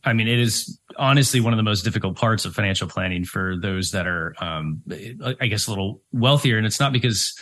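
A middle-aged financial planner co-hosting a radio money show. He has a somewhat low male voice. He explains step by step, with frequent ums and "right?" tag questions. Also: fairly quick, hardly any pauses, a bit bright.

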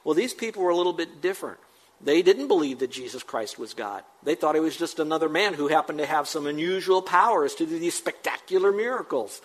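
A middle-aged man preaching a sermon in a conversational way, slowing down to quote scripture and rising to emphatic peaks. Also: fairly high pitch, expressive, poor audio. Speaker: pastor.

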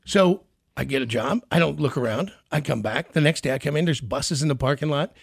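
A middle-aged man from the Kansas City area, hosting a casual chat and telling a story with animated, acted-out quotes. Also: on the high side, fairly quick, vocal fry, breathy edge. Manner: animated storyteller, acts out quoted voices loudly.

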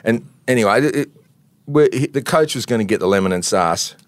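A man's voice: mid-range voice, animated, fairly quick, dry recording. An Australian man co-hosting a casual sports talk show, telling anecdotes and laughing often. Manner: laughs often, tells anecdotes with mimicked quotes. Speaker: co-host, former footballer and columnist. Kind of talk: casual podcast banter and storytelling.

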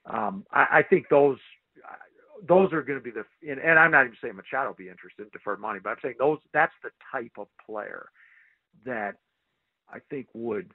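A man's voice: medium pitch, a little fast, gravelly, dry recording. A male sportswriter, a guest on a phone call, talking casually and rambling with lots of fillers and restarts. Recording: tinny phone line.

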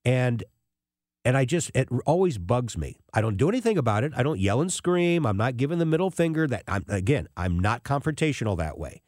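A man in his sixties hosting a radio talk show, telling a rambling, animated story with many restarts. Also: mid-range voice, fairly quick, dry recording, studio quality. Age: 60s. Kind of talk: casual talk radio monologue.

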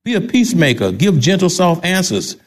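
A man's voice: sits high, very animated, a little fast. An older man with a Texan accent, a pastor preaching a sermon emphatically and repeating key phrases.

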